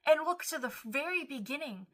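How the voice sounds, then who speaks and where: A woman's voice: high voice, animated, brisk, a bit bright. A woman giving a devotional Bible teaching in an earnest way, sometimes voicing prayers and scripture aloud.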